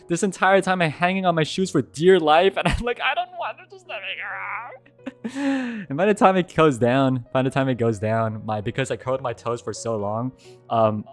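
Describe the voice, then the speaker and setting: A young man streams a casual Q&A, answering questions and telling stories animatedly, jumping to high yelps when he recounts being scared. He speaks at a moderate pace over soft background music.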